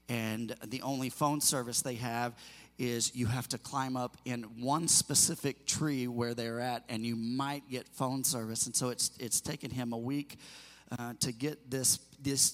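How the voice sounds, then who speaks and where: A middle-aged male pastor preaching a sermon in an earnest, emotional way, often repeating himself and restarting phrases. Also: mid-range voice. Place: church sanctuary. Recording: long hall reverb.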